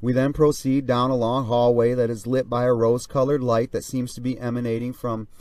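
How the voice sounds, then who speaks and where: A man reading a pilot's flight diary aloud in a measured first-person way, as a narrator. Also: medium pitch, level tone, darkish tone, no echo, recorded from a distance.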